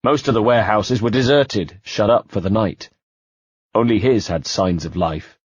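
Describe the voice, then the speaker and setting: A man narrating an audiobook in the first person, measured and quietly tense. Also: on the low side, slightly rough, dry recording. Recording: dull dry home-studio sound.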